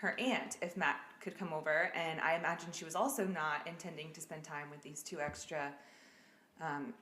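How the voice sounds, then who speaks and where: A woman's voice: low-pitched, steady tone, normal speed, fairly bright tone. A woman hosting a casual true-crime podcast, giggly and trying to keep the story on track. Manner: giggly, keeps trying to get back on track. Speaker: podcast host. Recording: echoey room.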